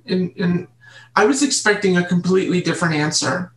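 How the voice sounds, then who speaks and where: A woman guest in an interview, telling her childhood story in an earnest, halting way and repeating words. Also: lowish voice, crowd noise. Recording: roomy echo.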